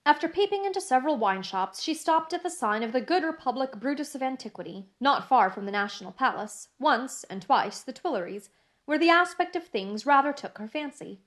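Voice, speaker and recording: A woman narrating a classic novel in a measured, even reading style. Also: sits high. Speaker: audiobook narrator.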